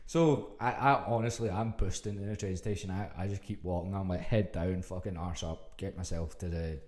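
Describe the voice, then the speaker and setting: A Scottish man hosting a podcast, telling a story in a casual, animated way and swearing freely. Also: deep voice, brisk. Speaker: podcast host.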